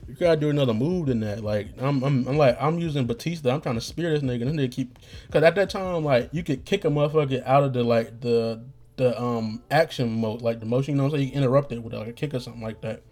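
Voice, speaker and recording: Young male podcast host, hoarse, dark mellow tone, rambling and profane. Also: mid-range voice, fast talker. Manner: slangy, profane, rambling with restarts. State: getting hoarse. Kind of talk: rambling casual monologue.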